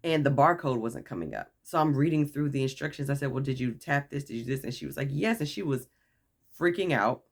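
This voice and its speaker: Woman, casual story time, low-pitched, very lively intonation, acts out quotes. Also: fairly quick, vocal fry. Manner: animated, acts out quoted voices, laughs often. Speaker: vlogger.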